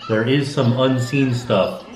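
A man co-hosting a home vlog, telling stories in a relaxed, casual way. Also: medium pitch, takes it slowly, slight background noise. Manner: relaxed storytelling with quoted asides. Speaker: vlog co-host and father. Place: family home. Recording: echoey home room.

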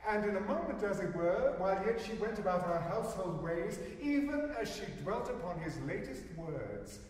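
A man in his sixties narrating a poem with an expressive, theatrical delivery, recorded live in a concert hall from afar. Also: high-pitched, recorded from a distance. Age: 60s. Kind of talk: dramatic poetry recitation.

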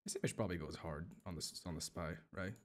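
A man's voice: low voice, fast, a little hiss or hum. A man streaming a video game, rambling and joking to himself and his chat as he plays. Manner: rambling, joking self-talk while playing. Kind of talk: gaming livestream.

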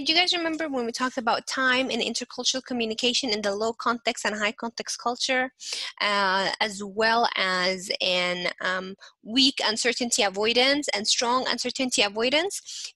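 A young woman teaching a lecture in a bright, clear voice. She keeps saying "again" and breaks into little acted-out examples. The sound is dry and close, with no room echo. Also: on the high side. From not from Canada. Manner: repeats "again" and restarts often, acts out short examples. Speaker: instructor. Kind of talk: recorded lecture.

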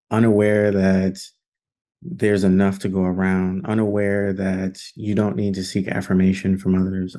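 Man, discussion leader, deep voice, warm tone, conversational, fillers. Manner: earnest, conversational, many fillers. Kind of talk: reflective talk in an online film study group.

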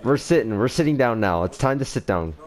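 A man's voice: medium pitch, lively intonation, brisk, over a noisy crowd. Man playing a frazzled teacher in noisy chat. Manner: mock-stern, exasperated, laughing often. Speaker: gaming video host. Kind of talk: playful teacher role-play in online game chat. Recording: busy online voice chat with many players.

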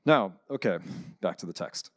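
A man, a priest, giving a conference talk and telling a story, lively and acting out the people he quotes. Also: deep voice, normal speed, no echo, clean studio sound. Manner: animated storyteller, acts out quoted voices.

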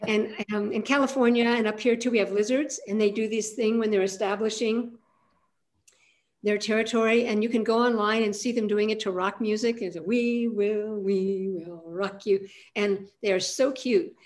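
An older woman, an aikido teacher, guiding a calm centering practice on a video call with a soft, unhurried manner. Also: fairly high pitch. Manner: calm, soft-spoken guidance with frequent pauses.

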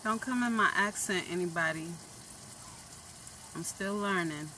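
Chatty, self-teasing home cook talking over a loud frying pan in a noisy kitchen. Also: mid-range voice, measured pace. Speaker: cooking vlogger. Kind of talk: casual chat while cooking. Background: sizzling pan and stirring.

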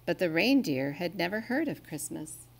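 Expressive woman reading a children's story. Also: on the low side, normal speed, gravelly, a little hiss or hum.

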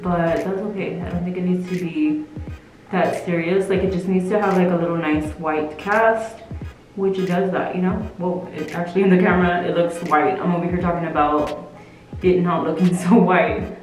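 A woman's voice: lowish voice, fairly even intonation, moderate pace, darkish tone. A young woman with a put-on British accent, chatting playfully and rambling through a makeup tutorial at home, picked up by a camera mic. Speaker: makeup vlogger. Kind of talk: casual makeup tutorial chat. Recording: very echoey room with faint music.

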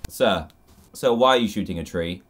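A man's voice: fairly low pitch, moderate pace, faint music behind. A young man with an English accent, commentating as a YouTube host as he reacts to funny clips. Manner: animated, exclaiming and laughing at clips.

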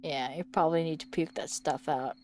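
A woman's voice: low voice, steady tone, a little fast, darkish tone, slight background noise. A woman streaming a video game, reacting to it with jokes and lots of giggles. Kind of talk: let's play commentary.

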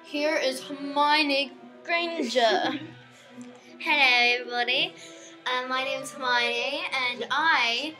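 A woman's voice: high-pitched, fairly even intonation, takes it slowly, over music, low-quality recording. A young woman voicing an eager, chatty schoolgirl witch in a bubbly, giggly manner. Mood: excited.

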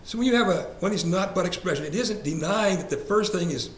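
A man's voice: sits high, lively intonation, fast. A man leading a church Bible study class in a conversational way, asking the group questions and repeating verse references. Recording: echoey room, faint ambient hiss.

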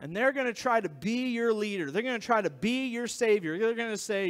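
A man preaching a sermon as pastor, in a conversational, animated style, acting out quotes along the way. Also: very high-pitched, a little fast, few pauses, in a large hall. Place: church sanctuary.

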